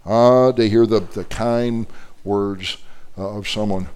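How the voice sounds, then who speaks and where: Animated storytelling pastor. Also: male voice, medium pitch, a little slow, clean tone. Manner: animated storyteller with frequent fillers and restarts. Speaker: pastor teaching a Bible class. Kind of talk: sermon-style Bible class teaching.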